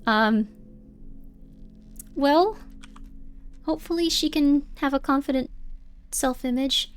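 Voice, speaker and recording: A woman's voice: high-pitched, takes it slowly, long pauses. Chatty woman streaming a game. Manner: chatty, rambling, reads game text aloud. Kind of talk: live gameplay commentary.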